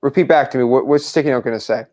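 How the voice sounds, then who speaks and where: A young man coaching a caller on a call, pushy and repeating lines slowly word by word. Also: medium pitch, a little mellow. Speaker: wholesaling coach.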